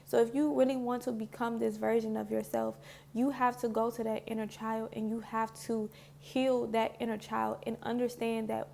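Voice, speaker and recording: Close to tears, a woman speaks to camera about spiritual healing in a casual, reflective, heartfelt way, using many "like"s. Her voice is on the high side, creaky and warm, with flat delivery at a normal speed.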